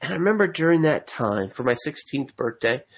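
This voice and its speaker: A man's voice: medium pitch, animated, a little fast, vocal fry, breathy edge, rough recording. Male preacher, earnest sermon delivery that climbs into emphatic appeals. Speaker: pastor.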